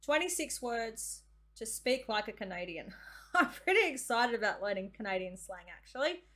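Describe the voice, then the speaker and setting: A woman's voice: fairly high pitch, sing-song, moderate pace, a bit bright. Cheerful Australian woman hosting. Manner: cheerful, chatty. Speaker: reaction video host. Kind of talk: casual vlog intro.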